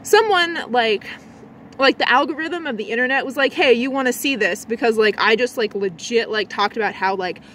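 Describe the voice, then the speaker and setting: A woman rambles through a casual vlog, filling her talk with likes and restarts. Her voice sits a little high but drops into a low, lazy register before jumping back up. Faint outdoor noise hums behind her. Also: moderate pace. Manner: swings between a low lazy voice and a bright high one. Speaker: vlogger.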